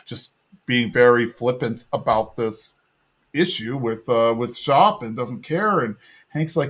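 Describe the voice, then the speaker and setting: A podcast host with a mid-range voice that's unhurried, a touch bright and slightly rough goes over a cartoon episode in a casual way. Along the way he retells the scenes and gives voice to the characters.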